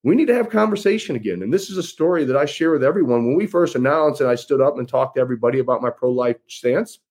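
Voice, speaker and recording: Husky-voiced man giving a folksy campaign pitch. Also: expressive, fast talker, darkish tone. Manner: folksy, emphatic, repeats phrases for effect. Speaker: political candidate. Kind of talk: campaign address to followers.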